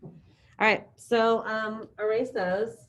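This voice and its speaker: A middle-aged woman teaching a high school Spanish class, leading drills in a chatty, encouraging way. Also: fairly even intonation, slow, dull audio. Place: classroom with students present and online.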